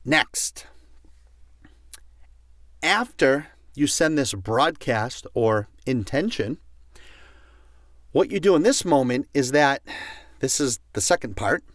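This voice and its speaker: Passionate slow-talking self-help man. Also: medium pitch, lively intonation, no room sound, studio quality. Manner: passionate, emphatic repetition, gets loud. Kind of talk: motivational audio course.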